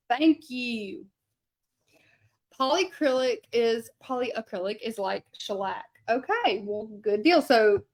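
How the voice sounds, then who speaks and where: A woman, chatting casually with viewers as she paints a sign in her craft studio. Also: on the high side. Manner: chatty, rambling, self-deprecating, answers viewer comments. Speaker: hand lettering artist and channel host. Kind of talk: casual chat while painting, talking to viewers.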